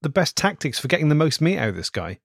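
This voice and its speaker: A man's voice: fairly high pitch, big pitch swings, quick pace, creaky, dry recording, studio quality. A man on a comedy podcast, telling a story playfully in casual chat.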